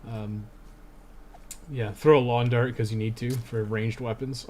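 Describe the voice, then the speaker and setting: A man's voice: medium pitch, little pitch movement, a little slow, darkish tone, a little hiss or hum. A young man giving casual live-stream commentary over his speedrun at home, thinking aloud with lots of fillers. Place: home room.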